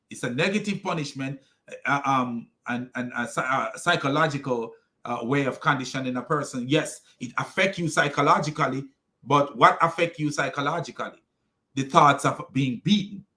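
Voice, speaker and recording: A man's voice: a little high, pushed and bright. A man giving critical commentary on a played clip, argumentative, with many fillers and restarts. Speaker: religious commentator.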